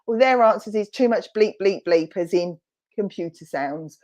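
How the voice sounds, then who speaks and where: A woman with a Romford accent works as a spiritualist medium during an online church service, heard over a video call. She talks in a chatty, reassuring way, full of fillers and quick self-corrections. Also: mid-range voice, animated, a little mellow. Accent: Romford, Essex.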